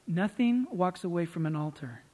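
High-voiced preacher in a reverberant hall. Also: male voice, normal speed. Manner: animated storytelling, acts out quoted voices. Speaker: pastor. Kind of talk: sermon.

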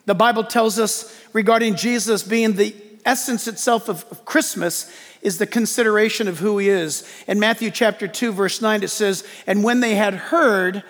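A male pastor preaching a lively sermon in church, joking and acting out quotes as he goes. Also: high-pitched, normal speed, big-room sound. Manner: animated preaching with jokes and acted-out quotes.

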